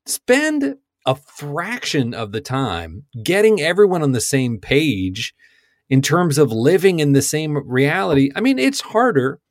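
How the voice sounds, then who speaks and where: A middle-aged man co-hosting a podcast, talking films in an animated, wry way. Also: on the high side, unhurried, dry recording. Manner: animated, wry, acts out lines in voices. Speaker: podcast co-host. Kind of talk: casual film discussion. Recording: dry close sound.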